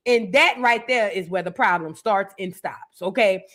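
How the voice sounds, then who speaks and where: A woman's voice: medium pitch, normal speed, few pauses, fairly bright tone. A woman hosting a reaction show, chatting casually with playful, dramatic asides and bits of singing. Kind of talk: casual commentary.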